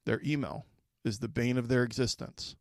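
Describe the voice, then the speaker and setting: A man's voice: medium pitch, steady tone, normal speed, gravelly, no echo. Male podcast host, solo, conversational, mid-range voice, dry untreated sound. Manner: conversational, asks listeners direct questions. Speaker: podcast host and school leadership coach.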